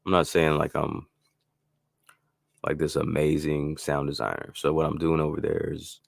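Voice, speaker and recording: A man's voice: rumbling low, fairly even intonation, normal speed, creaky, no room sound. A man hosting a casual live-stream beat-making tutorial, talking in a loose, rambling way with lots of fillers and restarts.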